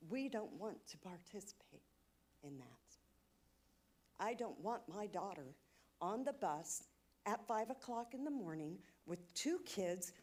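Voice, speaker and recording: A woman giving an emotional, indignant public comment at a city council meeting. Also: mid-range voice. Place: council chamber.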